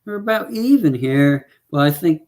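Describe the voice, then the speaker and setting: Speaking at a moderate pace with lively intonation, this man has a fairly high, slightly mellow voice. As co-host of an easygoing fight predictions podcast, he rambles through statistics, checks figures aloud and uses lots of fillers.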